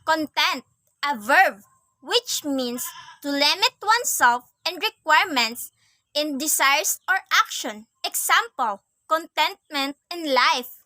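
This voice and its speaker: A young woman student reading a class assignment aloud, reciting definitions and examples in a careful, measured way. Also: high-pitched, lively intonation, pushed and bright, no echo, rough recording.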